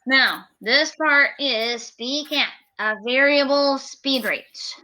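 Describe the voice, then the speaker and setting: Woman English teacher, bright tone, unhurried, chatty, acts out sample answers. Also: sits high, rough recording. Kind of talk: live online class.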